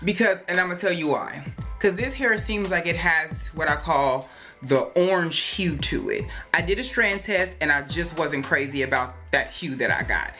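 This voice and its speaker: A woman with a fairly low-pitched, sharp-toned voice reviews hair products in a chatty, rambling way. Her casual talk is packed with fillers and playful jokes, with faint music in the background.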